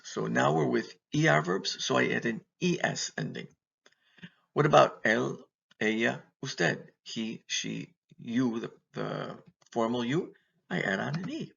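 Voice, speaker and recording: A man with a deeply gravelly, husky voice walks through a verb lesson, posing questions and answering them himself. The recording sounds dull and lo-fi. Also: a bit bright. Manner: patient, asks and answers his own questions. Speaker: Spanish teacher.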